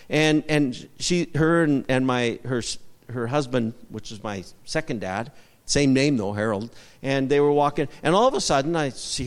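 A man's voice: fairly high pitch, big-room sound. A male pastor preaching a sermon, repeating short emphatic phrases and asking the congregation for amens.

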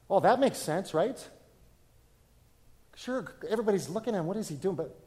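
A man, preaching a sermon to a congregation in a relaxed, conversational way, often asking them questions. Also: sits high, brisk, pauses often. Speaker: pastor. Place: church, in front of a congregation.

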